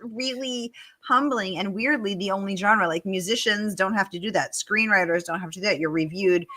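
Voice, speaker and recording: A woman's voice: mid-range voice, moderate pace, bright, forceful tone. A woman hosting a livestreamed author Q&A, gushing and enthusiastic as she reads viewer questions and praise aloud. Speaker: host.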